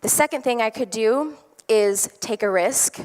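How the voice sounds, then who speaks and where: A woman's voice: on the high side, measured pace, darkish tone. A woman telling an enthusiastic, chatty story as a motivational speaker on stage before a live audience. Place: stage in a large hall. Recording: long hall reverb.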